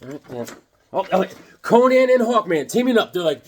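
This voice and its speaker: An excitable man hosts a comic book vlog. His voice is husky and a little raspy, and he jumps around the pitch in a lively way. He rambles and jokes, with sudden loud outbursts. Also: fairly quick. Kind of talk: casual chat showing sketches.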